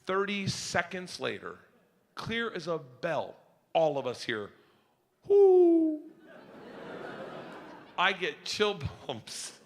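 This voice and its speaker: A man on a comedy stage tells a story with a high, lively voice that leaps all over. He gets loud and shouty at the punchlines. A faint hiss sits under the live sound. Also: takes it slowly, vocal fry. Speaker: stand-up comedian. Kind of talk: stand-up storytelling.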